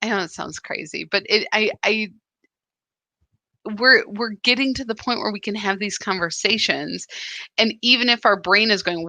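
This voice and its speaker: A woman hosting a live spiritual practice stream, talking in an animated, chatty way with many "right?" asides. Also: mid-range voice, measured pace, dry recording.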